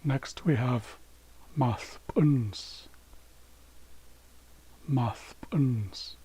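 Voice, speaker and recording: A man giving a screen-share language lesson, saying each word slowly twice so it can be repeated. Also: medium pitch, a little mellow, slightly rough, poor audio. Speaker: language teacher.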